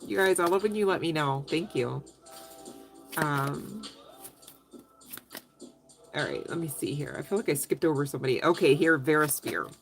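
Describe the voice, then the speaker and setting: A woman's voice: deep voice, expressive, moderate pace, pauses often, soft background music. A woman doing a casual live tarot reading, chatty and giggly, speaking straight to her viewers. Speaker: tarot reader answering live chat.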